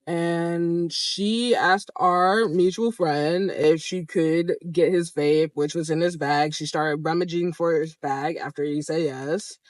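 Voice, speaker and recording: Young adult vlogger, casual storytelling to camera, animated, frequent swearing, mid pitch, dry close sound. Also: takes it slowly, hardly any pauses, dry recording. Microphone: camera framed close to the speaker.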